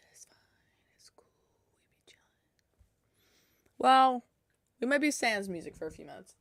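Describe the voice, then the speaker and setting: A woman's voice: fairly high pitch, animated, unhurried, vocal fry, long pauses, a bit bright, no echo, studio quality. A woman livestreaming her game development, chatting casually into a headset and talking to herself in a flustered, self-deprecating way. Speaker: game dev streamer.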